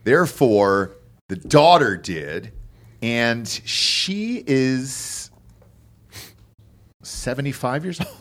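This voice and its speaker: Lively swearing podcast host, a man. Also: mid-range voice, very slow, long pauses. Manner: loud, swearing, laughing, lively. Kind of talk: casual crude banter.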